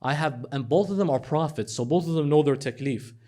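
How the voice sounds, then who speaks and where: A man preaching a lively sermon, retelling stories with acted dialogue and swinging from hushed lows to animated highs. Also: brisk. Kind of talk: religious sermon.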